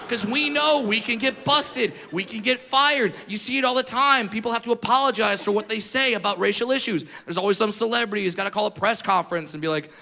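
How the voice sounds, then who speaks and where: A man from Southern California doing a stand-up comedy set on stage, telling stories in a brash, profane, animated way. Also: extremely high pitch, brisk, hardly any pauses, in a large hall. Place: comedy stage before an audience. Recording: live set with clear background noise.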